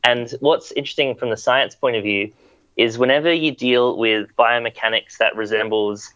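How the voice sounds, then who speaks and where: A man's voice: mid-range voice, fairly even intonation, normal speed, fairly bright tone, no room sound. A man co-hosting a chat and musing with curiosity. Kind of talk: casual chat. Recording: dull dry sound.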